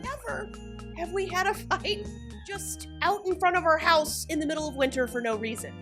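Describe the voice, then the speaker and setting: A woman's voice: very high-pitched, normal speed, over music. A woman hosting a reality TV recap, talking in a sarcastic, joking commentary style. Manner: sarcastic, jokey, mock voices.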